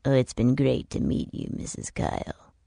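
A woman voicing a friendly middle-aged male boss with an easygoing, lowered voice. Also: steady tone, moderate pace, vocal fry, no room sound, clean studio sound, heavily acted. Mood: genial. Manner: warm and easygoing.

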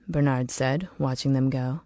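Casting: woman audiobook narrator, low voice, steady, dry close sound. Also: a little slow, no echo.

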